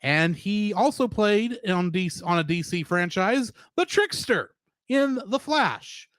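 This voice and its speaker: A man with a high, lively voice chats casually as a podcast co-host. He laughs easily and keeps things animated. The sound is dry and close, with no room around it. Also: a little slow, smooth, no room sound. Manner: laughs often, animated and chatty.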